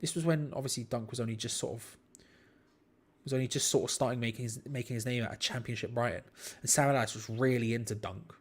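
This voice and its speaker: Young male host, chatty rambling match watch-along commentary, mid-pitched. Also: steady tone, fast talker, slightly rough. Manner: chatty, rambling, self-deprecating. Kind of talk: casual live match commentary.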